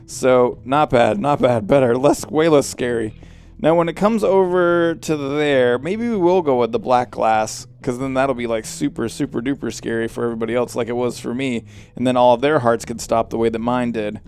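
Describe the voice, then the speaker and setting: A man hosting a casual game commentary, chatty and excitable and quick to cry out in surprise. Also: mid-range voice. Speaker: let's play host.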